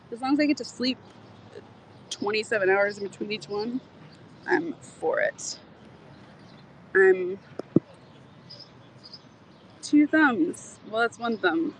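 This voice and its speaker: A woman's voice: on the high side, very animated, slow pace, pauses often, fairly bright tone, rough recording. Woman streaming from a garden on her phone, chatty and loose, bit of outdoor noise. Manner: laughing, rambling, swears casually. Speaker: livestreamer. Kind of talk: casual livestream chat.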